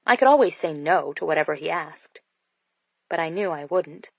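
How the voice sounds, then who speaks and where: A woman's voice: deep voice, animated, moderate pace, creaky, no echo. A woman narrating a first-person romance audiobook in an intimate storytelling manner. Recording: dull dry studio sound.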